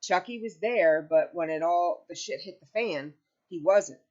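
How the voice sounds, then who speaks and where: A woman chatting to her viewers from home in a lowish voice, rambling and heartfelt. She sounds close to tears at times. The home-video audio is dull and lo-fi. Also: a little slow, a little mellow. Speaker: crochet vlogger. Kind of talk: casual chat to camera. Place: home, with pets nearby.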